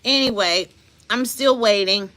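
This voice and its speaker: Woman streamer, slow unhurried delivery, bright edgy tone, animated storyteller chatting with viewers. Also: mid-range voice. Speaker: live streamer. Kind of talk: casual live-stream chat.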